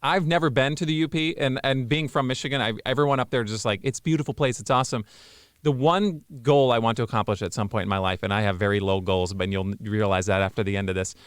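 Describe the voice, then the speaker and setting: Brief: male host, rapid and smooth, self-deprecating banter. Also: lowish voice, no echo. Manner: quick, self-deprecating joker. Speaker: podcast host. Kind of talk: casual podcast chat.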